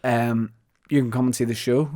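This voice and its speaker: A man's voice: mid-range voice, steady tone, normal speed, warm tone. A comedian hosting a loose podcast in casual chat. His voice sits mid-range for a man, and he keeps it light and jokey, plugging shows and setting up bits.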